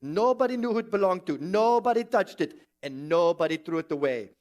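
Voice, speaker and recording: A man's voice: high voice, expressive, brisk, a little mellow. A man voicing a schoolboy narrator with an Indian accent, telling a playground legend dramatically. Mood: ominous.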